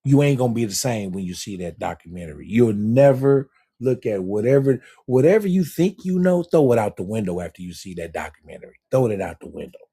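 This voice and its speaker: A man's voice: on the low side, big pitch swings, a little fast, hardly any pauses, dark tone, breathy edge. A man in a casual livestream chat who talks insistently and keeps repeating "listen" to hold the floor. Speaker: livestream participant.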